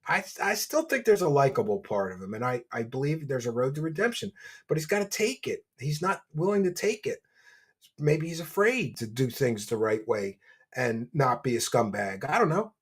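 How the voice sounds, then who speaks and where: A brash man hosts a livestream, reading out donations in casual, mocking chat. His voice is husky and sits at an ordinary middle pitch. He swears freely and teases openly. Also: sing-song, moderate pace. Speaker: livestream show host.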